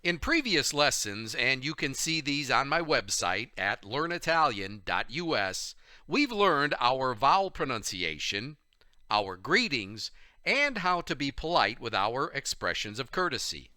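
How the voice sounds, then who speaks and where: A man teaching a video language lesson, leading repeat-after-me drills with an animated, encouraging manner and exaggerated intonation. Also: mid-range voice, measured pace.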